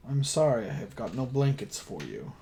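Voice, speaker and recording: A game master voicing a gruff, curt male elf who is suspicious of visitors. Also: medium pitch, very animated, normal speed, mellow, a little hiss or hum.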